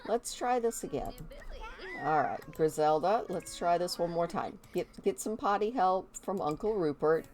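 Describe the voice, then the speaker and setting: A woman's voice: fairly low pitch, lively intonation, normal speed, darkish tone, slight background noise. A woman giving casual let's-play commentary as she plays a life-simulation game, chatty and curious, often amused. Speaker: gaming video host.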